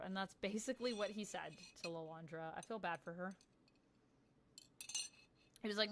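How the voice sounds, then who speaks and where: A woman's voice: mid-range voice, fairly quick, fairly bright tone. A woman in her thirties chatting casually on a livestream, upbeat and reading out viewer messages. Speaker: streamer.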